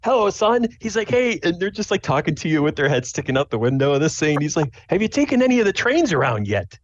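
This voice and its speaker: Guy playing a keen proud dad, voice pushed up high, stammers a bit, lo-fi. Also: big pitch swings, fast talker, no echo. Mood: cheerful. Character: eager proud middle-aged father, a man. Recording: dull lo-fi sound.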